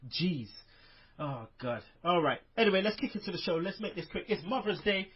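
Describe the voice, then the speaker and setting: Man, podcast host, rambling and upbeat, slightly high voice, muffled lo-fi sound. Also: animated, brisk, slightly rough. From United Kingdom. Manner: rambling, filler-heavy, upbeat. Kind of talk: casual podcast chat. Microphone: online call.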